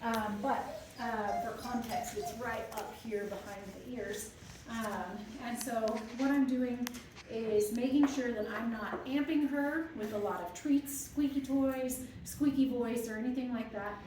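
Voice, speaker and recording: A woman dog trainer speaks with a fairly high voice, keeping her commands hushed and low while calmly explaining her method. She is picked up from a distance in a very echoey room. Steady background noise sits behind her voice. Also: a little slow. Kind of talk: live training demonstration with commentary.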